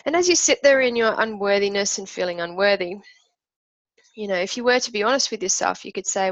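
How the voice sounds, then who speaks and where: A woman's voice: mid-range voice, lively intonation, a little fast, no room sound, lo-fi sound. A woman teaching an emotional technique, talking through imagined inner voices in an earnest, reflective way. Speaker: emotional wellbeing coach.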